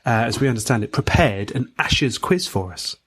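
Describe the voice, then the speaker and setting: A man co-hosts a chatty podcast. He is lively and animated, and he swings into mocking impressions when he retells a story. His voice sits at a middle pitch. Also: normal speed, slightly rough. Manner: animated, acts out quotes in a mocking voice. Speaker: podcast co-host. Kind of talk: casual chat.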